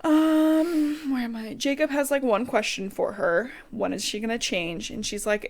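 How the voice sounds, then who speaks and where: A woman's voice: fairly high pitch, unhurried, creaky, hardly any pauses, a little mellow. Chatty sweary woman podcast host. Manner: chatty, sweary, full of "like" and quoted asides. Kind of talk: casual book recap chat.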